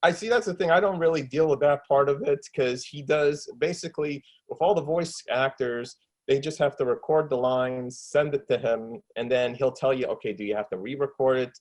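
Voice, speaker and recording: A man's voice: medium pitch, moderate pace, a little mellow, rough recording. A man, an actor and filmmaker, talking enthusiastically in a casual interview from home, with many fillers and restarts. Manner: enthusiastic, rambling, lots of fillers. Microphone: desktop USB microphone with pop shield.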